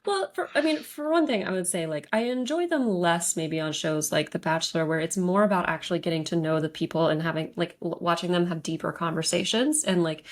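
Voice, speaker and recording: A woman's voice: lowish voice, brisk, few pauses. A woman co-hosting a podcast, talking in a casual, thoughtful way with many fillers. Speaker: podcast co-host. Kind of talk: casual chat.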